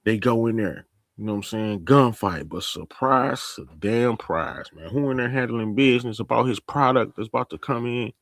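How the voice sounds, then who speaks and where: A man giving a casual, slang-heavy TV episode recap, telling the story in an animated way. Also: medium pitch, normal speed, no room sound. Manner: animated storytelling, acting out characters, laughing. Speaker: TV recap host.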